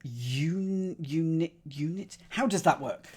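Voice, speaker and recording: A man's voice: fairly high pitch, slow, a little mellow, a little hiss or hum. A man solving a crossword live on stream, thinking aloud in a playful, muttering way. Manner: playful, muttering to himself while reasoning.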